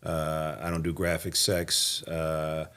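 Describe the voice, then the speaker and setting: A man's voice: very deep voice, completely flat delivery, takes it slowly, bright, forceful tone, clean tone. A man in his fifties from Nebraska, a guest actor telling stories in a casual interview, emphatic and laid-back. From Nebraska, USA.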